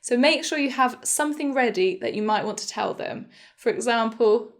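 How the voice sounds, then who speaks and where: A young woman leads a beginner English lesson with a slightly high voice. She speaks slowly and clearly and models each phrase with careful pronunciation. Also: lively intonation. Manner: slow, clear, demonstrative pronunciation of example phrases. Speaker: English teacher.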